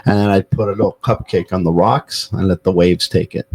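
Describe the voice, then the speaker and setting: A man's voice: low voice, fairly even intonation, a little fast, darkish tone, slightly rough, poor audio. A man hosting a podcast, telling stories in a loose, profane, casual way with plenty of fillers. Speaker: podcast host.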